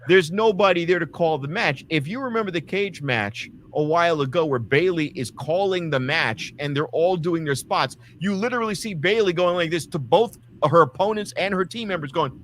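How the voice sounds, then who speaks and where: On a laid-back wrestling podcast, this male co-host rants profanely and performs quotes in a slightly high, fairly bright voice. Slight background noise can be heard.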